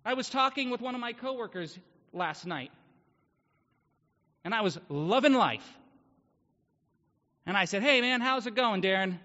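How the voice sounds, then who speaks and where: Male pastor, very high and bright voice, earnest emphatic sermon, muffled recording in a reverberant church hall. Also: animated, unhurried, long pauses. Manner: earnest, emphatic preaching with rhetorical questions.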